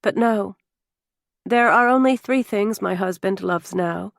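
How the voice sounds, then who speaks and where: A heartbroken young woman in an audiobook, elegant and homesick, speaking with wounded bitterness, as a female narrator reads her. Her middle-pitched voice sounds close and dry, with no room around it. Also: unhurried, vocal fry, no echo. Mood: bitter.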